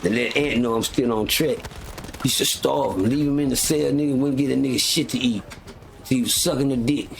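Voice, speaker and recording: A man's voice: mid-range voice, a little fast, vocal fry, slight background noise. A man hosting a live stream, talking in a heated, profane and rambling way, full of restarts and fillers. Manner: frequent restarts and filler words. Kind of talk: casual live-stream rant.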